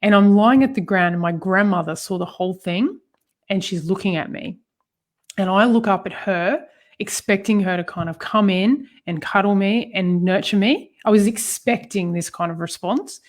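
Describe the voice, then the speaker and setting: A woman's voice: medium pitch, normal speed. A woman co-hosting a personal talk about healing, telling stories with lots of fillers and frequent laughter. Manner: animated storytelling, laughs often, frequent fillers. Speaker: co-host.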